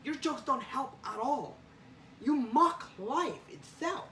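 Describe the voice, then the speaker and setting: Brief: man reading a blunt, bitter middle-aged newspaper chief, accusing tone, slightly high voice, echoey room, mic far off. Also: expressive, normal speed. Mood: scornful. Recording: roomy sound, far from mic.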